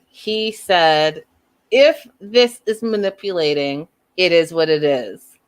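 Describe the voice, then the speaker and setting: Woman host, slightly low pitch, animated opinionated recap commentary. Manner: animated, opinionated, acts out quotes. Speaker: show host reviewing reality TV.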